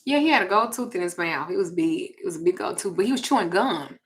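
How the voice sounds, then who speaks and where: A woman with a Southern US accent hosting a casual livestream, telling a story and reading viewer comments in a blunt, profane, animated way. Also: lowish voice, quick pace. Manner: blunt, profane, animated, with sudden loud jumps.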